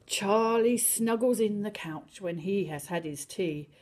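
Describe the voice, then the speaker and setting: An older woman reading a picture book to young children, sing-song and animated, now and then dropping to a whisper. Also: mid-range voice, measured pace.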